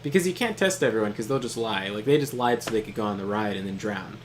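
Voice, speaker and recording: Talking quickly in a fairly low voice, a young man co-hosting a gaming stream recounts a funny story to his brother during their game. Laughter and free swearing fill his telling, and the audio has a bit of hiss or hum.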